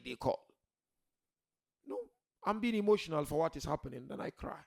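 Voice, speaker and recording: A man preaching a sermon to a gathering, swinging from soft pleading to loud shouted emphasis, asking rhetorical questions and repeating key words. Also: fairly high pitch, lively intonation, normal speed, vocal fry, pauses often.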